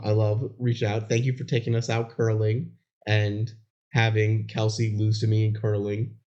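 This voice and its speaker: A man's voice: fairly low pitch, mellow. A young man co-hosting a podcast, trading dry jokes in casual chat. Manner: dry, joking banter. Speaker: podcast co-host. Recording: dull lo-fi podcast audio.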